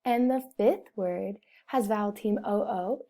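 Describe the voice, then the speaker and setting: Slow, mellow-voiced woman teaching phonics. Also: mid-range voice. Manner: over-enunciates words and repeats them, speaks to children. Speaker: first-grade teacher. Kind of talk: slow, deliberate phonics lesson for young children.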